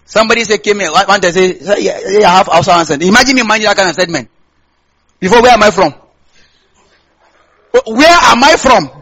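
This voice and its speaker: A man's voice: sits high, lively intonation, brisk, pauses often, pushed and bright, low-quality recording. A male pastor from Nigeria with a Nigerian accent, preaching a sermon and tossing questions back to the congregation.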